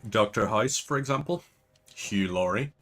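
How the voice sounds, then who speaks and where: A man's voice: fairly low pitch, animated, moderate pace, a bit bright, soft background music. A man with a Northern Irish accent giving casual, rambling gameplay commentary as a channel host. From Northern Ireland. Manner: chatty, rambling digressions.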